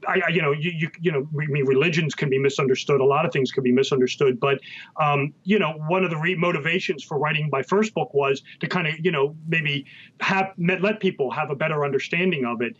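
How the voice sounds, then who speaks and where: A man answering interview questions as a guest author, halting and full of ums and restarts. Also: fairly high pitch, fairly bright tone. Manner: hesitant, many ums and restarts. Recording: muffled lo-fi sound.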